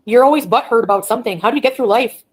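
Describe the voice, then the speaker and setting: A woman's voice: on the high side, rapid-fire, a little mellow, breathy edge, low-quality recording. A woman on a casual livestream, talking bluntly, ranting and reading chat aloud.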